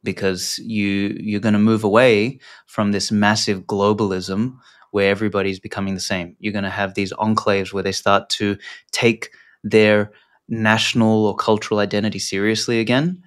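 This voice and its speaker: A man's voice: lowish voice, little pitch movement, moderate pace. Blunt, rambling man in an interview. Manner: rambling, filler-heavy, blunt with casual swearing. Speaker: podcast guest. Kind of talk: casual interview talk.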